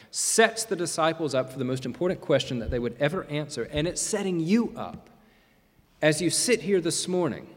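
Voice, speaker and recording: A man preaching a sermon as pastor, emphatic, with dramatic pauses and swings between loud and soft. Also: on the high side. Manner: emphatic, rising and falling delivery with dramatic pauses. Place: church sanctuary. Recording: long reverb of a large hall.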